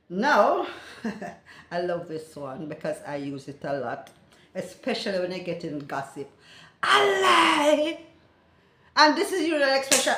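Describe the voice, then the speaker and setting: An older woman with a Jamaican accent explains phrases in a lively, casual vlog style. She laughs easily and breaks into loud, excited exclamations. Her voice sits at a middling pitch and carries the echo of a roomy space. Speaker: language teacher vlogger. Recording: echoey room.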